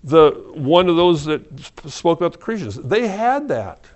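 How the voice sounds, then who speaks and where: A middle-aged man preaching an evening Bible study, talking in a halting, conversational way with restarts and soft laughs. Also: fairly high pitch, very animated, muffled recording. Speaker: pastor.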